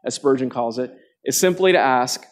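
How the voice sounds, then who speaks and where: Earnest man preaching to a congregation. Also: normal speed. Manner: earnest, asks the listeners direct questions; dramatic quotes with sharp jumps in pitch. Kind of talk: sermon. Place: church gathering before a live congregation.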